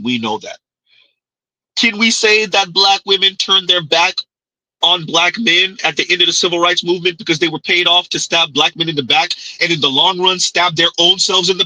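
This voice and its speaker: A man's voice: on the high side, pushed and bright, dry recording, low-quality recording. A man hosting a livestream, giving mocking reaction commentary with sarcastic repetition and frequent laughter. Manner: sarcastic, laughs often, repeats lines in ridicule.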